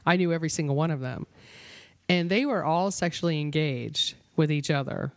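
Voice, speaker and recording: A woman co-hosting a radio show, chatting casually on air and telling stories in an emphatic, animated way. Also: low-pitched, moderate pace, dry recording.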